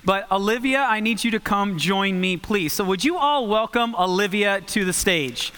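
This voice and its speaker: A man preaching a sermon in a church, reading scripture and then explaining it in an animated way that speeds up and slows down for emphasis. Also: high voice, long reverb tail, a little hiss or hum. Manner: animated, varies pace for emphasis. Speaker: guest preacher. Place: church sanctuary.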